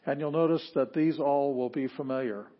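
A man's voice: medium pitch, steady tone, moderate pace. A man teaching Greek in a chatty lecture style, correcting himself and making joking asides. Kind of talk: classroom lecture. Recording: dull lo-fi lecture recording.

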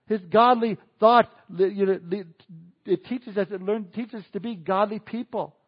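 A man preaches to his congregation in a relaxed, chatty way, dropping in little chuckles and asides. His voice sits a bit high for a man. The recording is dull and lo-fi, like old church audio. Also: measured pace, husky. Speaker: pastor. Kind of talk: sermon.

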